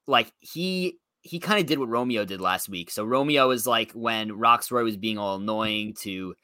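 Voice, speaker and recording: A man's voice: on the low side, moderate pace, bright, forceful tone, clear, resonant tone, no echo. A man co-hosting a recap podcast, recounting events in a conversational way with fillers. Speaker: podcast co-host. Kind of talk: casual chat.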